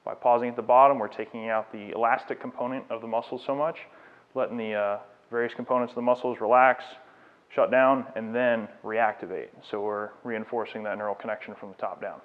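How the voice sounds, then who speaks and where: A man's voice: mid-range voice, fairly even intonation, fairly quick. A man who is a fitness trainer, giving a live demonstration lecture and coaching a client through exercises. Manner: coaching instructions, encouraging and explanatory. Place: fitness studio. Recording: tinny phone-like sound.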